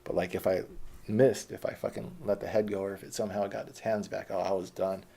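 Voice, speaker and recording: A man's voice: lowish voice, little pitch movement, brisk, creaky, warm tone. A man telling his life story in a rambling, profane, casual monologue.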